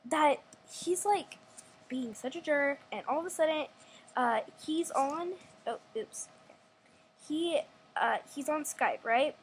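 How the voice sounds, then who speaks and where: A woman's voice: fairly high pitch, slight background noise, rough recording. A young woman telling a rambling story at home, with many restarts and acted-out quotes. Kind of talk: casual storytime vlog.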